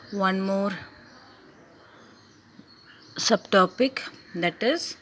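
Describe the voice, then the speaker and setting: A woman teacher explains a lesson at a very unhurried pace, going back over each point twice. Her pitch sits in an ordinary middle range. A light background hiss runs under the recording. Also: a bit bright. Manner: slow and deliberate, repeats key points.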